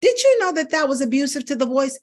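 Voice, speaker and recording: A middle-aged woman vocal coach teaching to camera in an emphatic, coaxing way that repeats phrases for stress. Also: sits high. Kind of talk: instructional talk to camera.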